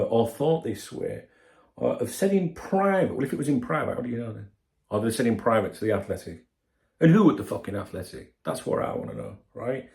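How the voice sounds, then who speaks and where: A man's voice: mid-range voice, gravelly, a little mellow, reverberant. A man hosting a football channel, giving a blunt, sweary opinion rant straight to his viewers. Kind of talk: casual opinion commentary.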